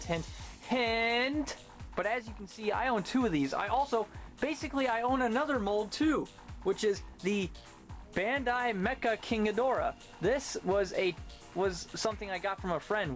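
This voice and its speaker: Talkative man rambling through a toy review. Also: high voice. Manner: talkative, rambling, sarcastic asides. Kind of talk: casual review vlog.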